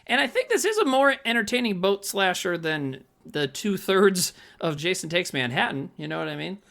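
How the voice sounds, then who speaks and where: A man's voice: high-pitched, creaky. A man co-hosting a podcast, chatting casually about a movie, laughing often and acting out scenes. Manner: animated, laughs often, acts out scenes in quick voices. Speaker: podcast co-host. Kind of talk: casual movie-review chat.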